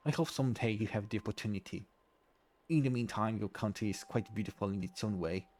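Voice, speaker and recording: A man's voice: on the low side, a little fast, darkish tone, a little hiss or hum, lightly acted. A man voicing a formal, polite male French academic who hunts frauds, with a put-on French accent, reading game dialogue aloud. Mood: courteous.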